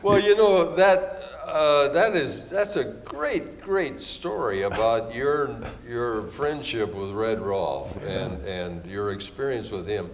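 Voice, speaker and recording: A man's voice: mid-range voice, slow, hardly any pauses, in a large hall, slight background noise. An older man interviewing a veteran for an oral history, reacting with eager exclamations and retelling stories.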